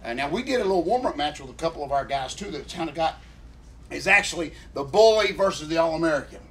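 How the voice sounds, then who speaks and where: Earnest man, higher-pitched. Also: animated, fast talker, fairly bright tone. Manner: earnest, emotional, keeps addressing co-host by name. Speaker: podcast co-host. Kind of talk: rambling casual storytelling.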